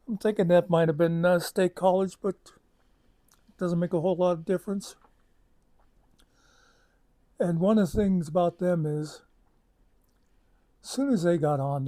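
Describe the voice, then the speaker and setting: Brief: male storyteller, rambling and chatty, slightly higher pitch. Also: mellow. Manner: rambling, chatty, with many asides and fillers. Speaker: channel host. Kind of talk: casual storytelling.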